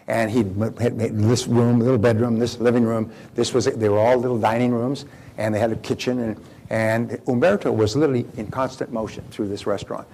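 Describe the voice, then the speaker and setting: A man's voice: mid-range voice, steady tone, fairly quick, gravelly, mellow, slight background noise. A man giving a live motivational seminar, telling anecdotes, asking the audience questions and repeating phrases for emphasis. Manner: addresses audience directly with questions. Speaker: seminar speaker.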